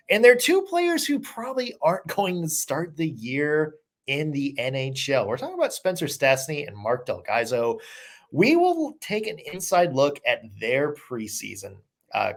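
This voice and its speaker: A man hosting a sports podcast, chatting casually in an upbeat way with lots of fillers. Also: fairly high pitch. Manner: upbeat, conversational with many fillers. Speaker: podcast host.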